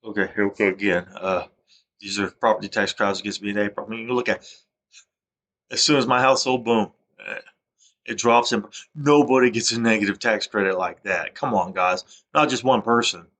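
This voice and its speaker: A man's voice: fairly low pitch, steady tone, fairly quick, fairly bright tone. A man, delivering an aggrieved, rambling monologue that repeats itself and keeps breaking off to restart. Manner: agitated, repetitive, restarts often. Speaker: vlogger. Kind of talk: aggrieved rambling monologue over screen recording.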